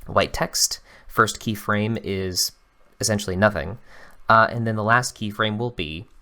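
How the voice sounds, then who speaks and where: A man hosting a screen-recorded software tutorial, explaining each step in a relaxed, conversational way. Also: on the low side, a little slow.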